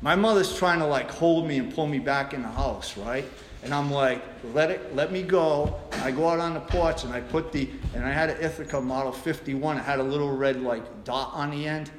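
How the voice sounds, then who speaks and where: A middle-aged man telling his recovery story at a meeting, blunt and profane, with many restarts. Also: mid-range voice. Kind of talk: personal recovery share. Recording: echoey room with background noise.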